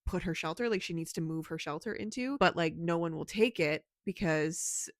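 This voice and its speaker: A woman chatting casually about books in a home vlog, talkative and quick to laugh. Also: fairly low pitch, no room sound. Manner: chatty, laughs often, frequent "like". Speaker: book vlogger. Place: home, on the couch.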